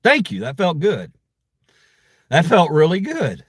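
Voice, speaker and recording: Furious, swearing man with a lively pitch. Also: unhurried, slightly rough, dry recording. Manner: heated, profane, confrontational. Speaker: channel host. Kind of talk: angry livestream rant.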